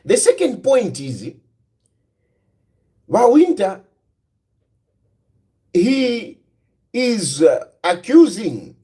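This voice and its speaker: A man's voice: sits high, huge pitch swings, drawn-out words, pauses often, dark tone. A man with a Zambian accent giving solo political commentary, who repeats rhetorical questions and switches into Bemba.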